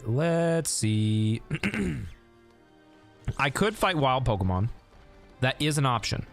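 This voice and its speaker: A man streaming a video game, talking casually as he plays, thinking aloud and answering chat, often breaking into laughter. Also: mid-range voice. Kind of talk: casual gameplay commentary.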